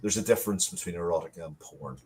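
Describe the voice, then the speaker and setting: A man's voice: low voice, fast talker, a little mellow, slight background noise. A man producing an audio drama, chatting casually and rambling, stopping often with fillers and restarts. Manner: rambling, hesitant, with many fillers. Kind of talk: casual live-stream chat.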